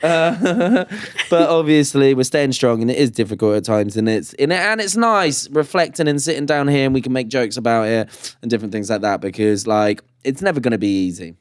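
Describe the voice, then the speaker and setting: A man co-hosting a podcast, telling stories in casual chat with animated swearing. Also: mid-range voice, brisk, clean tone, no echo, studio quality. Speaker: podcast co-host.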